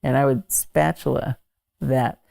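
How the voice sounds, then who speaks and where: A woman on a panel of makeup artists, telling work stories in a relaxed way. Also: very deep voice, unhurried, gravelly. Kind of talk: casual panel chat.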